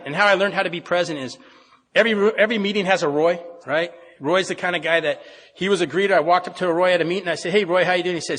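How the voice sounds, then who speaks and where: A man's voice: on the high side, a bit bright. A middle-aged man telling his recovery story to a meeting, plainspoken, with frequent restarts. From Pacific Northwest of the US. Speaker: AA meeting speaker. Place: meeting hall. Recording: reverberant meeting hall.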